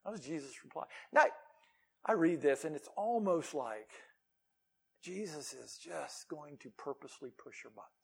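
High-voiced animated male preacher. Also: slightly rough. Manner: animated, emphatic, conversational asides. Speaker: pastor. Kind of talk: sermon.

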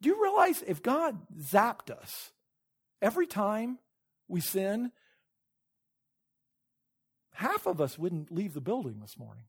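A male pastor preaches a sermon in church, retelling a story with sudden loud peaks, hushed asides and laughter at his own points. His voice sits high and sounds sing-song and slightly rough, moving unhurriedly with frequent pauses.

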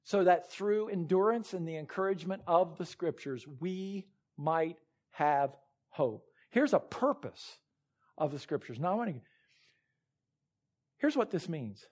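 A man's voice: sits high, animated, a little slow, a little mellow. A man preaching a sermon as pastor, reading scripture and retelling Bible stories with earnest emphasis.

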